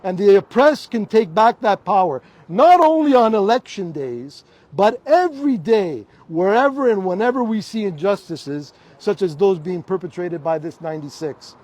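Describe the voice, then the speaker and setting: A man's voice: high-pitched, expressive, moderate pace, hardly any pauses, darkish tone, no room sound. A middle-aged man from Toronto with a Canadian English accent, giving an impassioned speech outdoors in front of a hospital and repeating rallying slogans. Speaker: rally speaker. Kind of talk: public protest speech.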